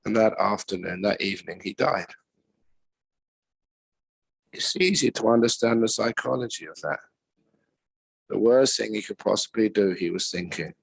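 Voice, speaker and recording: A man, a Buddhist monk teacher, giving a retreat talk with gentle, unhurried storytelling and pauses. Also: fairly low pitch, vocal fry, breathy edge, dry recording, poor audio.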